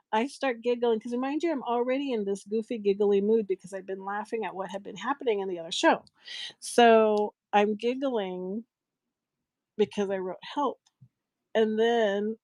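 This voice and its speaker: Middle-aged woman, live show host; animated storyteller who keeps giggling, mid-range voice, dry recording. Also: medium pitch, no room sound. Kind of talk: casual storytelling to a live chat.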